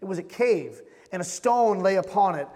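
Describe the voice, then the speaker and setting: A man preaching a sermon as pastor, impassioned and repetitive, swinging between loud emphasis and hushed tones. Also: high voice, animated, moderate pace. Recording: long hall reverb.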